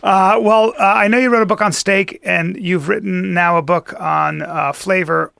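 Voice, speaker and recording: A man hosting a podcast interview in casual chat, joking and teasing with quick interjections. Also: sits high, fairly even intonation, vocal fry, sharp tone, smooth, no echo, clean studio sound. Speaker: podcast host.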